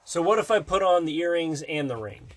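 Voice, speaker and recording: A woman with a notably low voice chats casually with her child. She is playful, keeps asking questions, and laughs easily mid-sentence. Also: expressive, fairly quick. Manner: playful, asks lots of questions. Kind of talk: casual chat.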